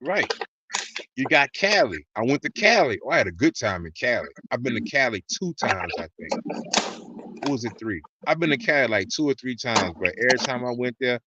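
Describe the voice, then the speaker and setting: A man hosting a podcast, telling stories in casual, heavily profane, animated chat. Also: mid-range voice, fairly quick. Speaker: podcast host. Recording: muffled with clear background noise.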